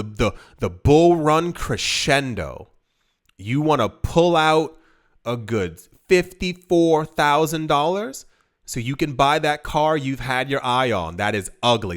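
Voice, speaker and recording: A crypto video host with a mid-range voice talks fast and emphatically straight to camera in a casual style. He repeats words, stumbles, and acts out the voices of people he quotes.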